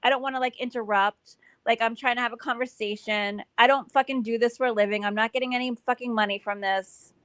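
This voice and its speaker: A woman's voice: a little high, steady tone, fast talker, a bit bright, no room sound. A woman, a guest on a stream, defending herself indignantly and swearing. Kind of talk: casual defensive chat.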